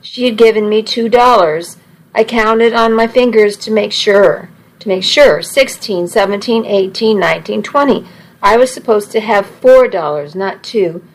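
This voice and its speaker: A woman's voice: mid-range voice, a little slow, rough recording. A woman reading a first-person story aloud, with small slips and restarts as she goes. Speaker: narrator.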